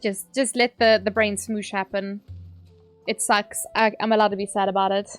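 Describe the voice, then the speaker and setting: With a medium pitch that barely moves, a South African woman keeps up a moderate pace as she chats and rambles, laughing a lot during her home game stream. Faint music can be heard behind her.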